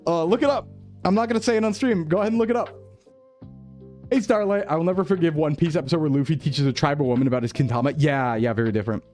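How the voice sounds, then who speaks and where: Chatty male streamer with a higher voice. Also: quick pace, darkish tone, faint music behind. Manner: laughs often, chatty asides to viewers. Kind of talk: casual chat reading chat.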